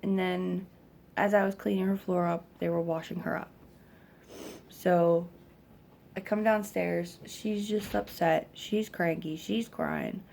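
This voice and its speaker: A woman's voice: fairly low pitch, steady tone, takes it slowly, creaky, darkish tone, a little hiss or hum. A young woman venting about a hard weekend as a mother, rambling and frustrated, with lots of fillers and a weary, stressed edge. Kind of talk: casual venting vlog.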